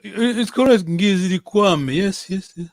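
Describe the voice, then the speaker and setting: Guy teaching a class on a video call, kinda high voice, dry sound, keeps saying "yes?" and fixing answers patiently. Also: normal speed, no room sound. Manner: patient, corrective, repeats "yes?". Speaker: language teacher. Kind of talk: online language class. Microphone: computer on a video call.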